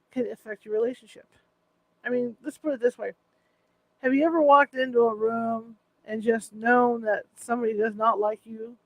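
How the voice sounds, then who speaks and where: A man with a strikingly high voice introduces a psychic talk in a loose, rambling way. He corrects himself often and keeps things casual. The sound is dry, with no room in it. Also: no echo, rough recording. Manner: rambling, self-correcting, chatty. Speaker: host of a psychic talk event. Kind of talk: casual live-stream introduction.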